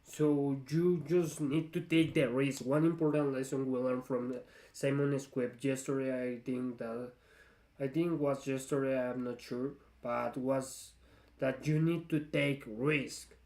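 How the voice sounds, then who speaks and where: Slow, musing male vlogger in an echoey room. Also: medium pitch, fairly even intonation, a little mellow. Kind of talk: reflective commentary on a clip.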